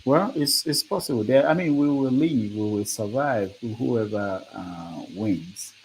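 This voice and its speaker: A host leads a casual live discussion, laughing often and reading out results as they arrive. His medium-pitched voice is expressive, unhurried, and darkish in tone. The audio is poor, with faint background noise.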